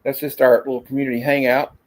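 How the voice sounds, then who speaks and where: A man's voice: medium pitch, little pitch movement, fast talker. A man hosting a casual live stream, chuckling and loose as he reads comic panels. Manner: reads comic panels aloud in funny put-on voices. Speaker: host.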